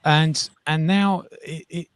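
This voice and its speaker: A man's voice: fairly high pitch, fairly even intonation, slow, clear, resonant tone. A man from England with a southern English accent, a guest chatting casually and modestly on a live video stream. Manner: chatty, self-deprecating, laughs easily. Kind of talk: casual video-call chat. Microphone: big desk mic on video call.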